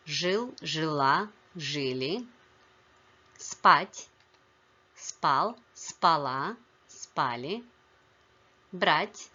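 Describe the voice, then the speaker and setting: A woman teaching a language lesson, explaining grammar in a clear, measured way and spelling out word forms one by one. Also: low voice, bright, forceful tone, highs cut off. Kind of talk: slow, careful language lesson.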